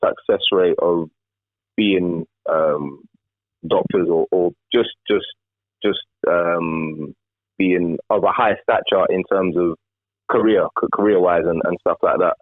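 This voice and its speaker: A man's voice: low-pitched, fairly even intonation, slow, no echo. A man talking casually on a podcast, repeating words as he searches for them, over a remote call. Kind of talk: casual chat. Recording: tinny remote call line.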